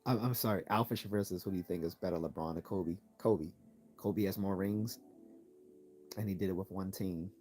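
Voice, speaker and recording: Relaxed man with a low voice. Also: fairly quick. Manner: relaxed, laughs often, repeats words when starting. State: losing his voice. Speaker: live-stream host answering chat. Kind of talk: casual live-stream Q&A.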